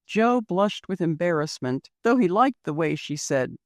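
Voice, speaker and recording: A woman narrating a classic girls' story as an audiobook reader, with expressive storytelling. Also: on the low side, measured pace, hardly any pauses, dry recording. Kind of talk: scripted narration.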